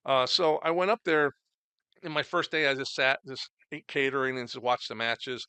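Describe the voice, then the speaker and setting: Telling stories in a casual podcast chat, this middle-aged man reminisces about his wrestling career, rambling and filling pauses often. He speaks at normal speed in a medium pitch with fairly even intonation, and his bright, forceful voice sounds clean with no room sound.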